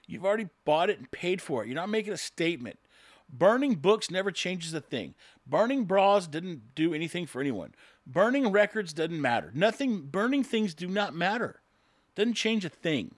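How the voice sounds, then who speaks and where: A man's voice: high-pitched, big pitch swings, normal speed, no room sound. A man, a construction worker, in a sarcastic, rambling opinion monologue to his viewers.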